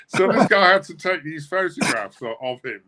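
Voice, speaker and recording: A man co-hosting a music livestream tells a long anecdote in a chatty, rambling way full of fillers. His voice is bright and forceful. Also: a little high, expressive, normal speed. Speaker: livestream co-host. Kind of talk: casual anecdote telling.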